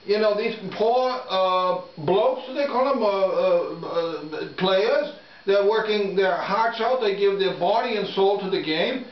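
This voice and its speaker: A man's voice: high-pitched, slow. A man co-hosting a casual sports picks chat, playful and hesitant, with many fillers and restarts. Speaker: co-host of a sports picks show. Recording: roomy, distant, dull home recording.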